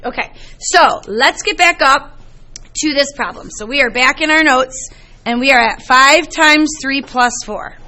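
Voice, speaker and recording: Middle-aged woman math teacher, bright tone, lively storytelling to a class. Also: high-pitched, measured pace. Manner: lively, chatty storytelling to students.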